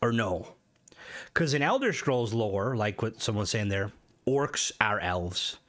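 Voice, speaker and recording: A man streaming a game and chatting casually with his viewers, rambling and swearing, with many fillers, and his voice jumps higher when he gets worked up. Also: expressive, slow, a bit bright. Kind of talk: casual live-stream chat.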